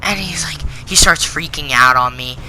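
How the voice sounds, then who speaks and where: A man's voice: a little high, moderate pace, sharp tone, a little hiss or hum, low-quality recording. A teenage boy telling a school story in an indignant, rambling way, full of fillers. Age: teens. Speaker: channel host. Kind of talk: storytime rant.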